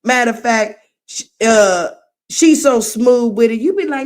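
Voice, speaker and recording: A middle-aged woman hosting a livestream, chatting casually with viewers in an animated, playful way and often laughing at herself. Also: fairly high pitch, a little slow. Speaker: livestream host. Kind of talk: casual chat reacting to viewer comments.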